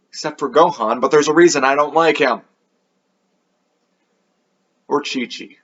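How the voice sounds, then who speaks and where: A man's voice: fairly high pitch, unhurried, pauses often, fairly bright tone, lo-fi sound. A man hosting an anime review video, talking in a casual, offhand, rambling way with a sarcastic edge.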